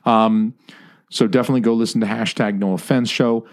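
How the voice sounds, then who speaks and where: Brief: man, podcast co-host, somewhat low voice, swears freely and jokes around. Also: steady tone, brisk. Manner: profane, joking, rambling. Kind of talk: casual podcast chat.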